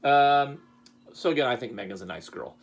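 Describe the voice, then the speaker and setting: A man, a high school choir director, giving a casual award speech and telling animated stories about his students with lively jumps in his voice. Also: rapid-fire, vocal fry. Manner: chatty, animated storytelling with lively pitch jumps.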